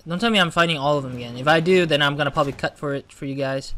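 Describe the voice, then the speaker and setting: A man's voice: on the high side, rapid-fire, pushed and bright, a little hiss or hum. A man hosting a gaming channel, giving casual let's-play commentary, chatty and flustered when he loses.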